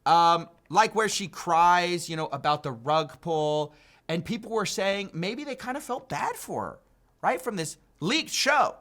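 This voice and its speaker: A man's voice: high-pitched, lively intonation, a little slow, fairly bright tone. A man hosting an online commentary video, talking in a sarcastic, mocking way and sounding incredulous. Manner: incredulous, mocking, laughs at the news.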